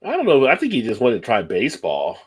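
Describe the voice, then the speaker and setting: A man's voice: mid-range voice, wildly swooping pitch, fast, slightly rough. A man hosting a live stream, chatting casually and telling long stories with a laugh. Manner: easygoing, laughs often, tells stories at length. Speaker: livestream host.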